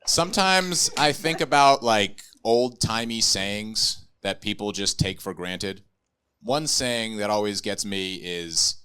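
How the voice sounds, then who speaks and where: A man's voice: lowish voice, expressive, takes it slowly, bright, forceful tone, clear, resonant tone. A young adult man doing stand-up comedy with a dry, ironic delivery.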